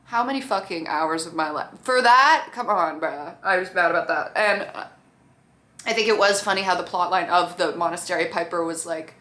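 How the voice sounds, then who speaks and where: A woman's voice: on the low side, moderate pace, bright, forceful tone. A woman talking casually to her camera about a TV show, swearing freely and acting out what the characters said. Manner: profane, chatty, acts out characters' lines. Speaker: TV show reviewer.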